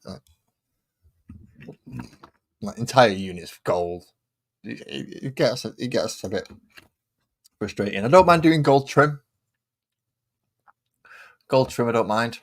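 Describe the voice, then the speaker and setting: A man from England with a Manchester accent chats casually while painting miniatures on stream. His voice is on the low side, and he rambles, sings and hums to himself, repeats phrases and laughs at his own expense.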